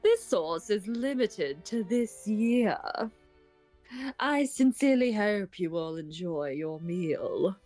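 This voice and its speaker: A woman voicing a proud male family cook who talks in a slow, formal, stately way. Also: medium pitch, expressive, a little mellow, faint music behind.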